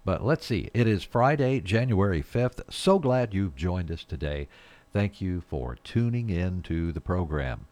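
A man's voice: low voice, animated, unhurried, a little mellow. A middle-aged man hosting a morning radio show, chatting casually in a rambling, folksy way with frequent chuckles. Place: radio studio.

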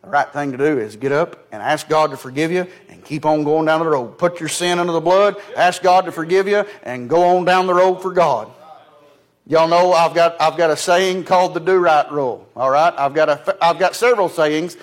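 A man preaching a folksy sermon with a fairly high-pitched voice. He tells stories in a down-home way and keeps saying "he said." His delivery swings from loud, emphatic declarations to low, quiet asides. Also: moderate pace. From United States. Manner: folksy, storytelling with repeated "he said".

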